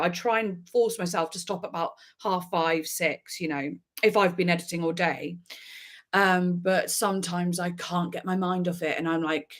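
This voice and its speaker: A woman chats loosely with her live stream audience. She tells her stories in an animated, giggly way and breaks into laughter often. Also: on the low side. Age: adult with a daughter. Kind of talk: casual live chat.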